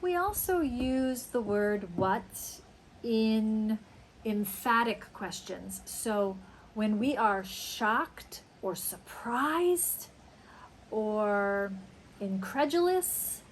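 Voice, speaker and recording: A woman teaching an English lesson, speaking slowly and acting out example phrases with big, dramatic exclamations. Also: on the high side, animated, slight background noise, rough recording. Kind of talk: slow, emphatic English lesson.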